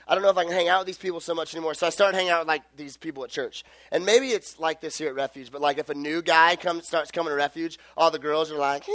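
High-voiced young man telling a rambling story. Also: fairly bright tone, no echo. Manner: rambling, chatty, full of fillers and self-corrections. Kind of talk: casual storytelling sermon.

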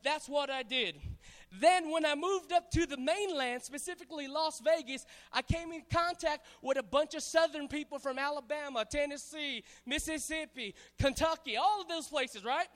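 A man from Hawaii preaching a sermon to a congregation, animated and playful, calling on the crowd to answer back. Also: very high voice. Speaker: pastor. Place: church hall. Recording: hall reverb.

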